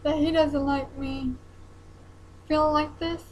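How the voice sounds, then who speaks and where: A young woman, talking haltingly in a personal vlog while close to tears. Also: sits high, flat delivery, darkish tone, a little hiss or hum, rough recording. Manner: hesitant, halting, many ums and restarts.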